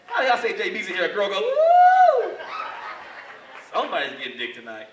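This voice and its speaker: A male stand-up comedian hosting a live club show, telling stories in an animated way. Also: high-pitched, rapid-fire, background noise. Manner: animated storytelling. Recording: echoey club, distant mic.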